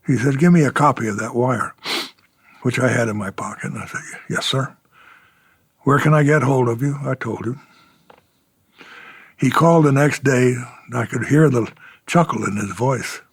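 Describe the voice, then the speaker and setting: A man's voice: medium pitch, creaky, slightly rough, no room sound. An older man, a retired fighter pilot, telling war stories in an oral history interview, chuckling and acting out the exchanges he quotes.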